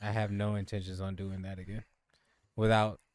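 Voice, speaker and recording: A man's voice: on the low side, level tone, moderate pace, a little mellow, dry recording, studio quality. A laid-back man from Louisiana co-hosting a casual podcast, chatting unhurriedly and laughing often. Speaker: podcast co-host. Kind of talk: casual chat.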